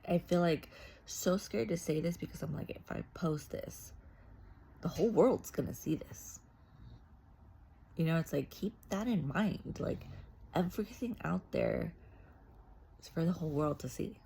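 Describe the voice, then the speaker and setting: Low gravelly woman vlogging candidly. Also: dark tone, slight background noise. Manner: rambling and candid, heavy on "like" and "you know"; laughs easily. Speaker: faith and mental health vlogger. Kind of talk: casual confessional vlog.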